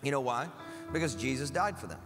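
A man's voice: medium pitch, animated, fairly quick. A man pastor preaching a sermon, emphatic and conversational, with casual asides to the congregation. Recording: church hall with long reverb and faint music.

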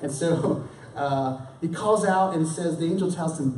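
A man's voice: medium pitch, measured pace, few pauses, dark tone, slight background noise. A man preaching a sermon in a conversational way, often restarting his words and acting out the lines of the story. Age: young adult or middle-aged. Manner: conversational, with many restarts and dramatic acted quotes. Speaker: pastor. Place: church. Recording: roomy church hall, mic at a distance.

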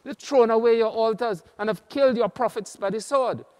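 A man's voice: very high-pitched, fairly quick, a little mellow, smooth, in a large hall, pitched above the performer's own voice. A man voicing an aggrieved weary prophet in a church. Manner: complaining, self-pitying.

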